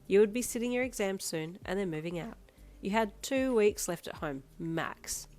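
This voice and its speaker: A woman narrating a second-person fanfiction story in a steady reading voice. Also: medium pitch, moderate pace. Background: soft instrumental music.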